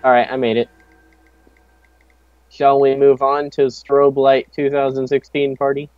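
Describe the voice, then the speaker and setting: A man's voice: medium pitch, completely flat delivery, unhurried, no room sound. A young man playing a horror game with a friend, joking sarcastically and swearing often. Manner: sarcastic, swears a lot, jokey. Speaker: gamer, channel host. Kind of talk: casual let's-play banter. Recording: dull lo-fi mic with faint game music.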